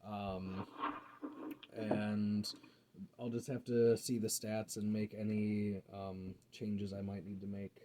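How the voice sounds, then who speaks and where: Slow-talking male game master. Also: lowish voice, level tone, very noisy. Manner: hesitant, with many ums and restarts. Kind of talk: running a tabletop game.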